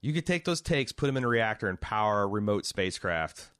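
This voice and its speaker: A man's voice: on the low side, expressive, fairly quick, fairly bright tone, clear, resonant tone, no room sound, clean studio sound. A man co-hosting a podcast, chatting casually about a movie, joking and swearing freely with lots of restarts. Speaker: podcast co-host.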